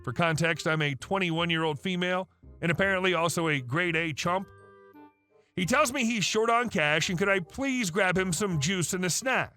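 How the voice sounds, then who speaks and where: A man's voice: high voice, moderate pace, bright, forceful tone, clean tone. A man narrating online stories in a casual, wry storytelling tone. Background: faint music.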